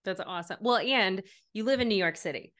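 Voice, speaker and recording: A woman hosting a podcast, chatty and quick to affirm her guest, sometimes reading her own ad spots. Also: mid-range voice, a bit bright. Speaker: podcast host. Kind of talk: casual interview chat.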